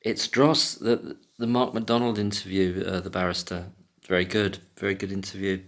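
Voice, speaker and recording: A man's voice: low voice, level tone, a bit bright. Agitated sweary man ranting. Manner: agitated, sweary, restarts words, rapid outbursts. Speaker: commentator. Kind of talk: angry solo rant to camera.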